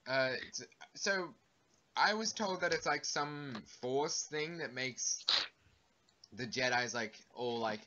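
A young man reads test questions aloud in a halting, hesitant way during casual podcast banter. His voice is bright and clear-toned. The audio is dull and lo-fi. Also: medium pitch. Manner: hesitant, halting, fillers while reading. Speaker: podcast co-host. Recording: dull, lo-fi home recording.

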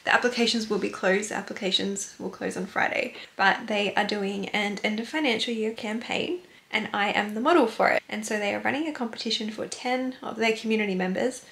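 A woman's voice: medium pitch, brisk, gravelly, few pauses, fairly bright tone, echoey room. A young Australian woman chatting casually to camera in an upbeat vlog at home. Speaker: vlogger.

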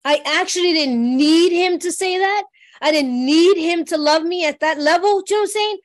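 Middle-aged woman from New York, high voice, heartfelt and conversational recovery share. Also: moderate pace. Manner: heartfelt, conversational, often asks "you know what I mean". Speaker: workshop speaker.

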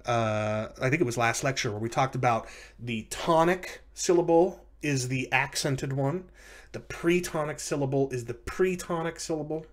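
A man giving a recorded language lecture, explaining step by step with frequent fillers and self-corrections. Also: a little high.

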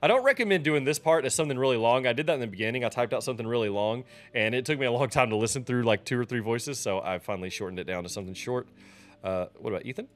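A man talking through a software tutorial in a casual, loose way, often pausing with ums and restarting his sentences. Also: mid-range voice. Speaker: streamer teaching a software tutorial. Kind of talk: casual screen-recorded tutorial.

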